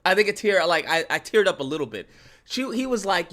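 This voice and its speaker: A man's voice: high voice, animated, a little fast, a bit bright. A young man ranting animatedly as a YouTube commentator, slipping into exaggerated mock voices. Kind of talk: reaction rant.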